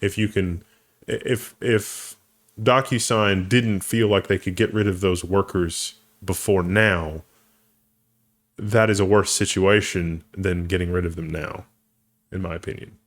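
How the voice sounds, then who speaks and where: A man's voice: low voice, steady tone, measured pace. A man co-hosting a casual tech news show, thinking aloud and often restarting his sentences. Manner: thinks aloud, restarts phrases, laughs easily. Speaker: co-host.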